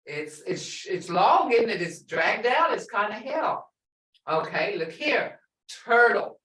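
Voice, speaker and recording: A woman's voice: mid-range voice, lively intonation, a bit bright. Woman teaching in an echoey room. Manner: repeats words slowly and quizzes the class. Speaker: language instructor. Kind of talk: classroom teaching. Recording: echoey room, distant mic.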